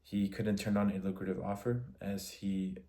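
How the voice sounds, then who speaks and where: A man giving a spoken film analysis for a class assignment, measured and in short phrases with restarts. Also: sits low, level tone, warm tone. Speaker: student.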